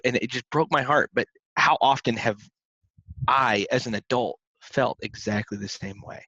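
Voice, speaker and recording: A man's voice: medium pitch, normal speed, bright, forceful tone, dry recording. An earnest young man talks through faith on a podcast, circling back and restarting his sentences. The recording is dry and close, with a slightly dull, muffled top end. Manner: earnest, rambling with many restarts. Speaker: podcast co-host. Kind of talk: casual faith talk.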